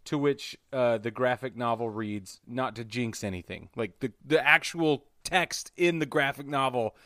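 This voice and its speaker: A man co-hosting a casual podcast, enthusiastic and quick to laugh. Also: mid-range voice, sharp tone, no echo, studio quality. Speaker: podcast co-host. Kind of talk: casual chat.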